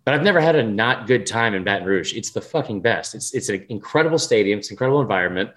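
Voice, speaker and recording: A man's voice: lowish voice, expressive, fast talker, a bit bright. A man co-hosting a podcast, rambling through a story in casual chat and swearing freely. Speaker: podcast co-host.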